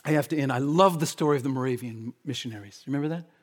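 A man preaching a sermon, shifting between fervent, shouted appeals and quiet, hushed stretches. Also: mid-range voice, racing. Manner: impassioned, swings from shouting to hushed.

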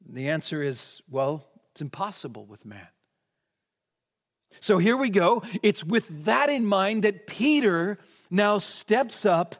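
Guy preaching slow and emphatic, drops to a hush then lifts up again, big echoey church. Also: high voice. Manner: emphatic, swings between raised and hushed delivery. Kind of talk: expository sermon. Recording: long reverb of a large hall.

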